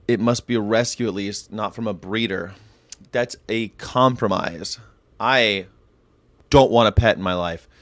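A man's voice: medium pitch, dry recording. Rambling, jokey man hosting a vlog. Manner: rambling, jokey, quick to laugh. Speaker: host. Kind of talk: casual daily vlog monologue.

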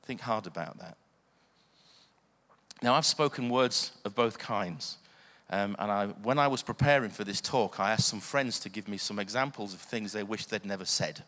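A man's voice: fairly low pitch, normal speed, a bit bright. A man preaching a sermon, earnest, often asking the listeners questions. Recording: long hall reverb.

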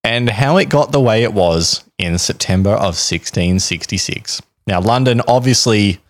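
A man's voice: on the low side, normal speed. A man hosting a podcast, telling a history story in a casual, joking, rambling way. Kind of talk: casual chat.

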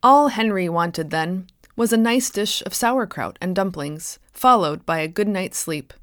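A woman author reading her own short story aloud in a measured, expressive way, close to the mic. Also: mid-range voice, dry recording.

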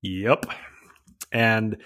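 A man's voice: lowish voice, steady tone, drawn-out words, a bit bright. A man telling a story about flying, casual and blunt, swearing freely and acting out radio calls. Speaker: aerobatic pilot guest.

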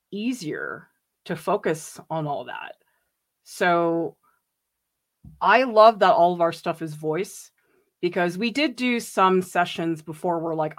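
At home on a casual livestream, a woman reads out viewer comments and chats about them, gushing and giggling with big swings in pitch.

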